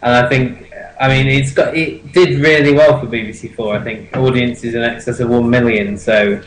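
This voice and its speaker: A man's voice: medium pitch, steady tone, normal speed, roomy sound, background noise. A man co-hosting a casual chat, easygoing and a little hesitant. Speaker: podcast co-host.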